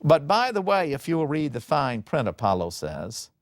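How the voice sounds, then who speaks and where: A man giving a lecture on a classic Greek play, telling the story in an animated, dramatic way. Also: fairly high pitch, normal speed, few pauses, no echo, studio quality.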